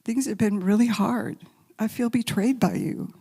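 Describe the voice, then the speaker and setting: A woman giving a spiritual talk as guest speaker, telling stories gently and sometimes dropping to a soft whisper, then leading a guided meditation. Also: on the high side, moderate pace, breathy edge. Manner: gentle, intimate storytelling, drops to soft whispers. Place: large sanctuary. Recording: long hall reverb.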